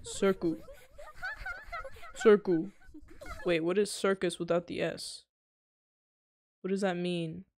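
A woman's voice: lowish voice, flat delivery, a little slow, long pauses, darkish tone. A young woman streaming a game live, reacting to chat with exasperated outbursts of disbelief. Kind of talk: live gameplay commentary.

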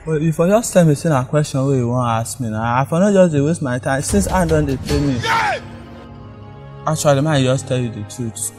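A man's voice: fairly high pitch, a little fast. A man with a Nigerian accent acting a brash, bullying skit character, with music behind. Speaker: comedy skit actor. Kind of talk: Pidgin comedy skit acting.

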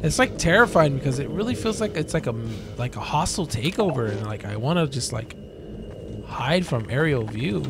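A man's voice: medium pitch, expressive, a little fast, noisy background. A man giving casual, joking let's play commentary, swearing, laughing and playing mock-scared. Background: game music and gunfire.

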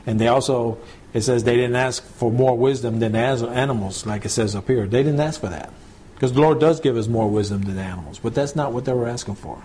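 A man preaching at a relaxed, conversational pace in a small home-church setting. His voice is mid-pitched and mellow, and he often checks that his listeners are following. A faint hiss sits beneath the recording. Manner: conversational, checks in with listeners, slows to read scripture. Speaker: pastor. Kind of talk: home church Bible teaching.

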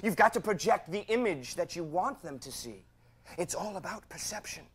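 A smarmy, high-voiced lawyer. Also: male voice, animated, normal speed, slightly rough. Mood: persuasive. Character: slick smarmy male lawyer. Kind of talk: stage drama dialogue.

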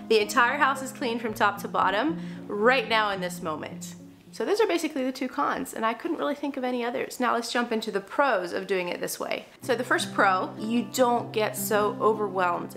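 A woman's voice: a little high, fairly bright tone. A young woman, a mom and vlogger, chatting casually about housekeeping and using lots of filler words. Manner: chatty, frequent "like" fillers, self-deprecating asides. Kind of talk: casual talk to camera while cleaning.

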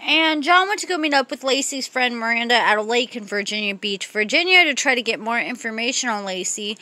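A woman recapping a reality TV episode as a casual vlog host, gossipy and animated, with frequent asides. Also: fairly high pitch, a little fast, dry recording.

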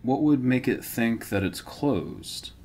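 A man's voice: mid-range voice, lively intonation, takes it slowly, warm tone, slight background noise. A man from the American South co-hosting a let's play, chatting casually and laughing often. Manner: laid-back, laughs often. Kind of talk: casual gaming chat.

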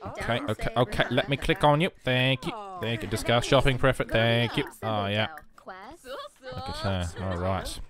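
An excitable man, rambling through casual gameplay commentary and bursting into shouts. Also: medium pitch, brisk, a crowd in the background. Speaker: game streamer.

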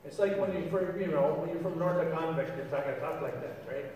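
A man preaching a sermon as pastor, animated and playful, often asking the congregation questions. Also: fairly high pitch, fairly quick, few pauses. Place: church sanctuary. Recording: echoey church hall from a distant mic.

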